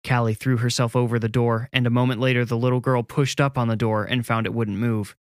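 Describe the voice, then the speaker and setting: A man narrating a scripted horror story in a measured, suspenseful way. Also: mid-range voice, little pitch movement, no echo, clean studio sound.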